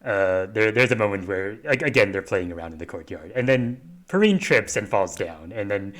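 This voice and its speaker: A young man co-hosting a podcast, chatting in a casual, halting way with many fillers and restarts. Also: on the low side, lively intonation, fairly bright tone. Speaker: podcast co-host. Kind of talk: casual review chat.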